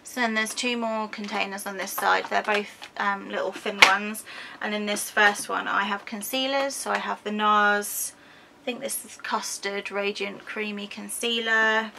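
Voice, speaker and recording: A woman's voice: medium pitch, fairly even intonation, unhurried, vocal fry, sharp tone, slight background noise. A woman with an English accent chatting through a product walkthrough, hesitant with frequent ums and self-corrections. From United Kingdom. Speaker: beauty vlogger.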